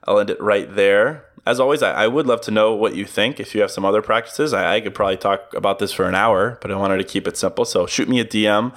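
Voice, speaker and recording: A man's voice: fairly low pitch, quick pace, few pauses, a bit bright. A young adult man hosting a solo motivational podcast, casual and upbeat, often chuckling at his own jokes. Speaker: podcast host.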